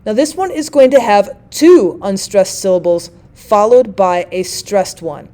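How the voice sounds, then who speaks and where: A woman lectures methodically in a medium-pitched voice that is animated and dark in tone. Her examples are read slowly as she explains.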